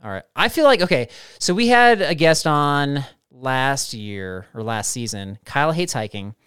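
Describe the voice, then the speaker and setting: Playful, lively-voiced podcast host. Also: male voice, mid-range voice, unhurried, clear, resonant tone, no room sound, studio quality. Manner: playful, laughs easily, needling. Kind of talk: casual podcast banter and ad read.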